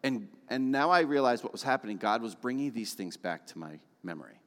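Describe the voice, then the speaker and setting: Male preacher, mid-pitched, heartfelt personal testimony from the pulpit, long church reverb. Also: animated, fairly quick. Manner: earnest, emotional storytelling. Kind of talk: sermon testimony.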